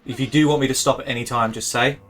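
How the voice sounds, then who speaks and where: A man of ordinary pitch co-hosts a live game stream. He reads viewer questions aloud in a relaxed, halting way, with a lot of filler sounds. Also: a little hiss or hum. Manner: hesitant, lots of ums, easygoing. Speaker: co-host reading viewer questions. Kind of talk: casual live-stream chat.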